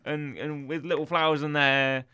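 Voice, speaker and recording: A man co-hosting a casual chat, rambling and excitable, with jokey asides. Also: on the high side, normal speed, clean tone. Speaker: podcast co-host.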